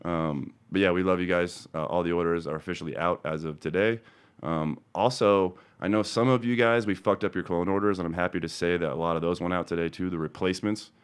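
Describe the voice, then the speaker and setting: Middle-aged guy hosting a weed seed show, lowish voice, swears nonstop, casual. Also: fairly quick, clear, resonant tone. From Denver, Colorado. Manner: profane, angry ranting that turns calm and chatty. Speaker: host of a cannabis seed business show. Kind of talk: casual ranting livestream talk.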